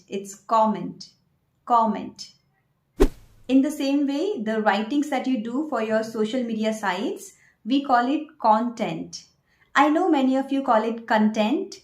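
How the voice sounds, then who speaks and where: A woman with a fairly high voice teaches English pronunciation in an online lesson. She speaks clearly and deliberately and keeps asking the viewer questions. Her voice rings a little in an echoey room.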